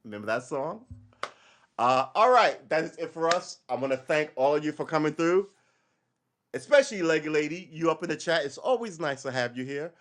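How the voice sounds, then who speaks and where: A man's voice: on the high side, expressive, brisk, a bit bright. A man hosting a casual live-stream podcast, ranting in a rambling, wry way that wanders off on tangents. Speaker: podcast host.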